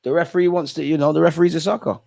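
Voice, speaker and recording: A man's voice: fairly high pitch, fairly even intonation, rapid-fire, creaky, a little mellow. A young man hosting a live football watch-along, reacting to the match in an exasperated way and talking straight at the players and the referee.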